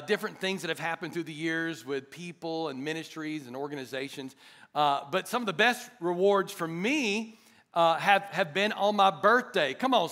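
A middle-aged man preaching a sermon to his church, animated and chatty, joking with the congregation. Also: high-pitched, creaky. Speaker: pastor. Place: church hall.

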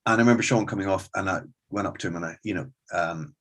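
A middle-aged man, a stand-up comedian and club owner, telling animated anecdotes in an interview and acting out the conversations he recalls. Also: deep voice, fast. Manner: animated storyteller, acts out quoted exchanges.

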